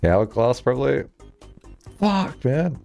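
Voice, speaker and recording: A man's voice: medium pitch, big pitch swings, takes it slowly, vocal fry, a little mellow, faint music behind. A male streamer chatting casually while playing a game, rambling through a story with lots of "like" and swearing.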